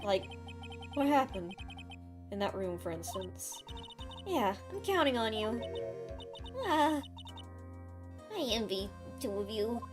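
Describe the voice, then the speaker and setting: A woman voicing a bubbly, upbeat young woman who talks in a cheerful, lively way. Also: on the high side, slow pace, long pauses, over music.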